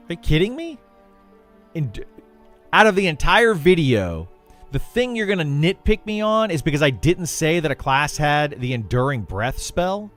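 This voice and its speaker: A man talking casually about making gaming videos, in a somewhat high voice that swings widely in pitch. He rants with exasperation and laughs often. Faint music plays behind him. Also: big pitch swings, moderate pace, fairly bright tone. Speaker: gaming content creator. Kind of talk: casual livestream chat.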